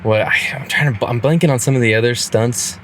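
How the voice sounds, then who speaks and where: A man chatting casually as a podcast co-host, rambling through his thoughts with frequent restarts and easy laughter. His voice sits at an average pitch, with a faint hiss of background noise. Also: fairly quick. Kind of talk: casual movie review chat.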